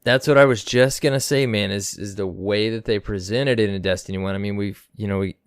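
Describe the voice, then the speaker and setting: Lively low-voiced man on a podcast. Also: fairly quick, clean tone, no room sound, studio quality. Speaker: podcast co-host. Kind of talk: casual gaming podcast chat.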